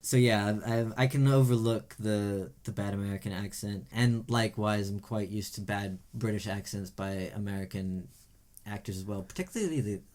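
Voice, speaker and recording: A man with a fairly low voice co-hosts a casual podcast chat. He reviews TV shows in an emphatic, opinionated way, pressing each point firmly. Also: moderate pace, darkish tone. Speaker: podcast co-host.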